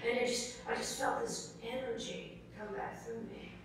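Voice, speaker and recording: This award acceptance speech comes from a middle-aged South Carolina woman with a gravelly, medium-pitched voice, huge swings in pitch, and normal speed. She's an earnest storyteller who keeps saying "folks," heard from afar in an echoey formal hall with crowd noise.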